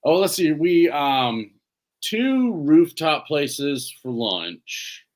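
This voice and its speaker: A man's voice: a little high, drawn-out words. A man co-hosting a podcast, chatting casually and rambling through stories. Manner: relaxed, rambling storytelling. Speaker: podcast co-host. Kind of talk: casual chat.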